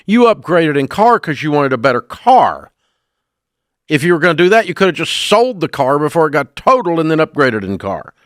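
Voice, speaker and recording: A man's voice: a little high, a bit bright, dry recording, studio quality. A middle-aged man hosting a call-in radio advice show, speaking bluntly and emphatically and scolding bad choices.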